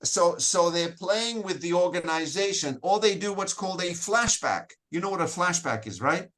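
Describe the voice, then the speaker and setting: A man's voice: high-pitched, animated, normal speed, fairly bright tone. A man leading an interactive workshop, firing questions at the audience and often restarting his sentences. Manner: questioning the audience, repeats phrases, frequent "so, so" restarts. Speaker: Toastmasters educator leading a session.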